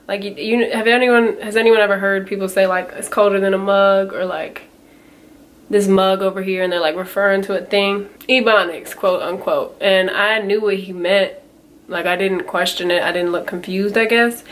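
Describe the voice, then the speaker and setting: A woman's voice: mid-range voice, fairly even intonation, moderate pace, fairly bright tone. A young woman in her twenties telling a story in a casual vlog, chatty and full of quoted back-and-forth, with a slightly nasal tone. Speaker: vlogger.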